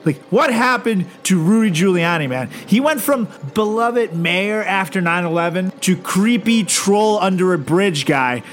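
A man's voice: high-pitched, animated, a little slow, hardly any pauses, faint music behind. A man co-hosting a comedy podcast, ranting animatedly about politics, swearing and mocking. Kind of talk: casual comedic political banter.

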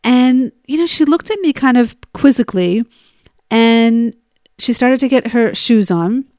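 A woman in her thirties or older tells a story from her own life and turns it into advice on getting unstuck. She talks in an animated way, acts out the back-and-forth, and laughs easily. Her voice sits a little high, and the recording is close and dry. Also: a little slow, no echo.

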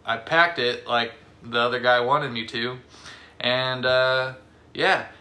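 A young man co-hosting a podcast, telling stories in a rambling, halting way with lots of fillers, a bit tipsy from beer. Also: medium pitch, steady tone, bright, forceful tone. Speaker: podcast co-host. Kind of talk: casual chat.

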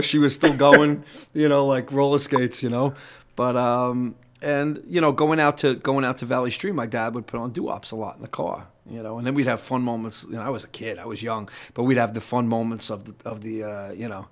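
A middle-aged man tells stories as a guest on an interview. He talks in a rambling, animated way, swearing freely and restarting his sentences. His voice sits at an ordinary pitch for a man. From New York. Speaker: guest musician. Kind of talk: casual interview storytelling.

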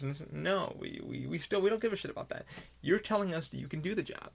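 Gravelly, candid man ranting casually. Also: a little high, animated, fast. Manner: candid, rambling, heavy swearing. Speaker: podcast host. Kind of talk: casual monologue.

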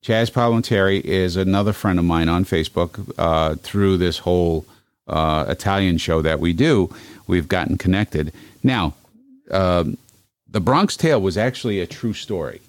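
A man's voice: low voice, normal speed, no room sound. A man, spinning long anecdotes with plenty of "uh"s and restarts. The sound is dry and close, with no room around it. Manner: rambling anecdotes with many fillers. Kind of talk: casual storytelling chat.

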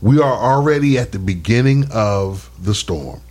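A man's voice: on the low side, expressive, moderate pace, darkish tone. A man co-hosting a casual podcast, explaining things earnestly in long, rambling runs. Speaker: podcast co-host.

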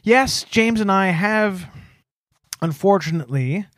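A man's voice: high voice, lively intonation, a little slow, fairly bright tone, no echo, studio quality. A man co-hosting a comedy podcast, telling stories with mock-prim hesitation and many fillers. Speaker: podcast co-host. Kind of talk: casual comedic banter.

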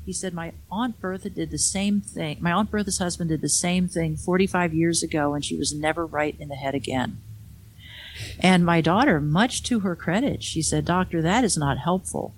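A woman's voice: fairly low pitch, moderate pace, slight background noise. Middle-aged woman author, candid spoken storytelling, wry asides, conversational. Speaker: author and speaker. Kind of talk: personal storytelling talk.

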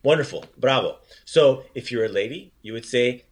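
A man hosting a relaxed podcast lesson, mid-pitched and encouraging. He praises often and slows down to model each phrase. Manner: upbeat, encouraging, repeats phrases slowly. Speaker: language teacher, podcast host. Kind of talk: casual podcast language lesson.

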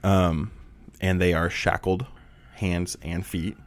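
A man narrating as game master of a tabletop role-playing game in a relaxed storytelling manner. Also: low voice. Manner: relaxed storytelling, voices NPCs in quick bursts.

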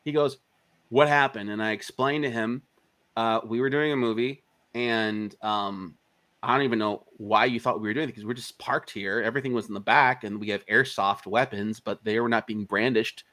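A man's voice: on the low side, moderate pace. A man, an indie filmmaker being interviewed, telling a long anecdote in casual, profane speech and acting out the other people's lines. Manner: animated, profane, acts out quoted dialogue.

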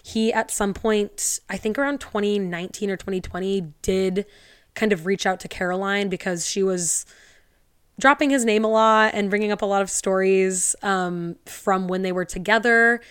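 A woman hosting a podcast in a chatty, wry way, tossing sarcastic asides between the passages she reads aloud. Her voice is smooth and clean, and the recording is close and dry, with no room around it. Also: mid-range voice, fairly even intonation, moderate pace, a bit bright, no echo. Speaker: podcast host. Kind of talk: casual storytelling podcast, reading captions aloud.

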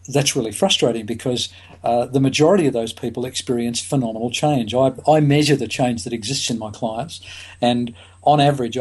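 A man's voice: medium pitch, darkish tone, slightly rough. A middle-aged man, a psychologist and author, talking as a podcast guest, hesitant with many fillers and restarts. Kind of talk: podcast interview.

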